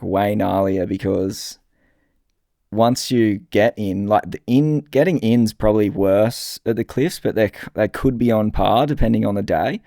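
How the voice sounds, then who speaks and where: A man, a filmmaker guest, chatting in a relaxed, rambling way with many fillers. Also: on the low side, no echo, studio quality. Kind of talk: casual interview chat.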